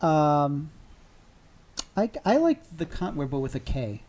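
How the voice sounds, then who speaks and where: A man's voice: a little high, very animated, slow pace, a little mellow. A man guesting on a casual comedy podcast, rambling and profane, often laughing through his rants.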